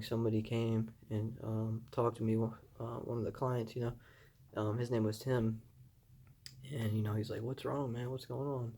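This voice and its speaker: Earnest young man, warm low voice. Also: slightly rough. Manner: rambling, many fillers and "I was like" asides, earnest; laughs softly at himself. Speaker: vlogger sharing his recovery story. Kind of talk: casual personal storytelling.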